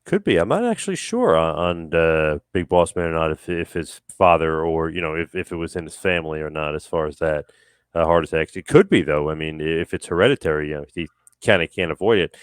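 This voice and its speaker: Podcast co-host, man, very deep voice, relaxed casual chat, dry close mic. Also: brisk, clean tone, no echo.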